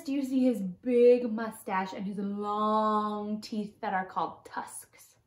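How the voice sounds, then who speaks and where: A children's librarian, a woman, reading a picture book aloud to children in an animated, playful way and inviting them to join in. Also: medium pitch, takes it slowly, hardly any pauses. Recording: roomy echo.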